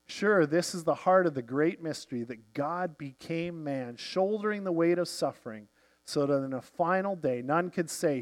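Male first-person novel narrator, a touch high-pitched; measured, reflective read. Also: animated. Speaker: audiobook narrator.

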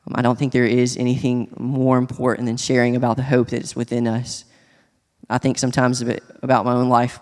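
A man sharing a personal testimony in church, speaking earnestly and haltingly, with many restarts. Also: mid-range voice, completely flat delivery, darkish tone. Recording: long hall reverb.

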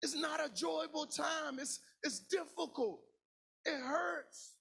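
A man preaching a sermon as pastor, in a shouted, sing-song cadence with lots of repetition. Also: extremely high pitch, slow, vocal fry, faint music behind.

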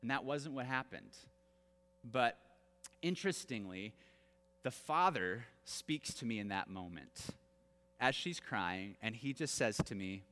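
Lively preaching man in a reverberant hall. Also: medium pitch, a little slow. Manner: animated, self-deprecating, with laughs and acted-out quotes. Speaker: pastor. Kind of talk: storytelling sermon. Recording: long reverb in a large hall.

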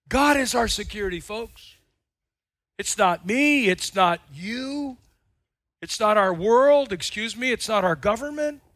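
High-voiced male pastor preaching. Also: no echo. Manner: dynamic, swings between loud and hushed, repetitive emphasis. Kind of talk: sermon.

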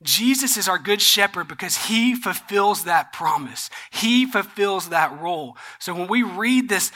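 A pastor preaching a sermon, retelling a Bible story in a casual, animated way with slangy asides. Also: mid-range voice, moderate pace, few pauses.

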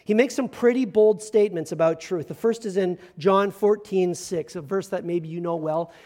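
A man, a pastor, giving a conversational sermon with self-deprecating humor and slow, emphatic stresses. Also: high-pitched, dark tone.

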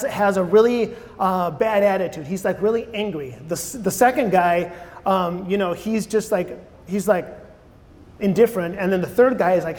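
High-voiced man preaching in a reverberant hall. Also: a little mellow. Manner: conversational, repeats phrases, asks the audience questions. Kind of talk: sermon. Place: church hall with audience.

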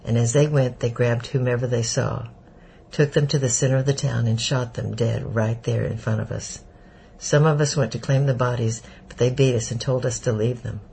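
A man voicing an elderly Jewish refugee who speaks with a German accent, slow, heavy and bitter. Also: medium pitch, steady tone, vocal fry, warm tone, slight background noise, natural voice, poor audio. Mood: grim. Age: older. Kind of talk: audiobook character voice.

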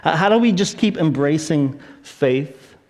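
A man preaching a sermon, retelling a story with animated, acted-out voices. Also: a little high, measured pace. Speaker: pastor.

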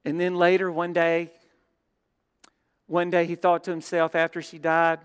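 A man preaching a sermon as pastor, telling stories and dropping from loud to hushed. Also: on the high side, completely flat delivery, a little slow, long pauses, smooth. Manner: storytelling, shifts between loud and hushed. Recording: long hall reverb.

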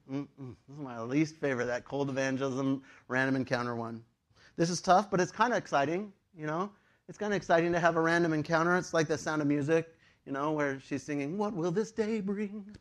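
A man preaching a sermon to his congregation in a conversational, animated way, with frequent fillers. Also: fairly high pitch. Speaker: pastor.

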